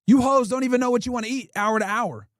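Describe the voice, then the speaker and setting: A man's voice: very high-pitched, fast talker, no echo, studio quality. A man hosting a livestream, ranting bluntly and profanely while reacting to clips. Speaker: livestream host. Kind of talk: casual streaming rant reacting to clips.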